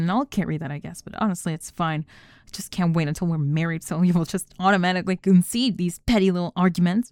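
A controlling student who runs the group project and won't let anything slide, as a young woman acts her out in a role-play monologue. Her voice sits low and mellow, with a dry, close sound and no room around it. She talks in clipped, sarcastic, exacting turns. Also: no echo, close to an everyday voice. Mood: resigned. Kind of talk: scripted one-sided role-play monologue.

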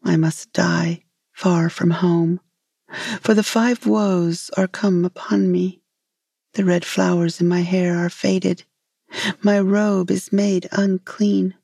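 A woman voicing a gentle female moon fairy who speaks in a pleading, lyrical way in a storybook tale. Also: fairly low pitch, takes it slowly, vocal fry, breathy edge, no echo, clean studio sound, full character voice. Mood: lamenting.

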